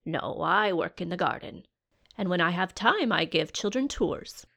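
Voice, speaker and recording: A small, friendly garden elf who talks cheerfully and helpfully, as a woman reads him aloud. The voice sits a touch lower than the reader's own, with a gravelly edge. It is a storybook reading. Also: expressive, measured pace, sharp tone, exaggerated voice.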